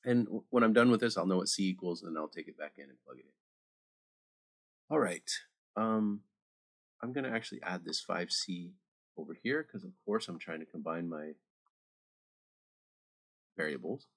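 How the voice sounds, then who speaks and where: A man's voice: sits low, lively intonation, normal speed, long pauses. A man teaching math over a screen recording, chatty and talking straight to his students with little asides.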